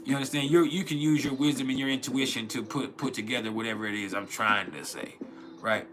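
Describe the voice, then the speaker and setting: A man's voice: medium pitch, fairly even intonation, brisk. A man hosting an astrology livestream in a loose, rambling, profane way, full of fillers and restarts. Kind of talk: casual livestream chat.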